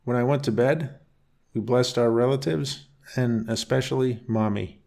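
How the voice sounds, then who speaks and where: Guy reading a sleep story, calm and even, mid pitch, unhurried. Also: creaky. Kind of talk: bedtime story narration.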